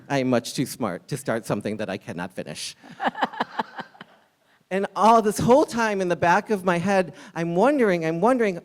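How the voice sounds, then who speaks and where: A man in his forties, a longtime restaurant server, telling a live personal story with a candid, wry comic delivery and sharp punchlines. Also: high-pitched.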